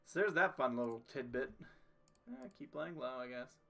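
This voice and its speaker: A man's voice: medium pitch, animated, moderate pace, vocal fry, a bit bright. A young man casually commenting on his strategy game as he plays, joking and talking to himself and the game. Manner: jokey, talks to himself and the game. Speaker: streamer playing a strategy game.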